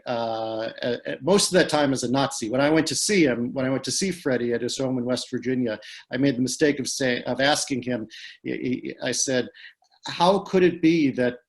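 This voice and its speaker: A man speaking on a video call, telling a story with frequent fillers and restarts. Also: mid-range voice. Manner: hesitant, many fillers and restarts. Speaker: guest speaker.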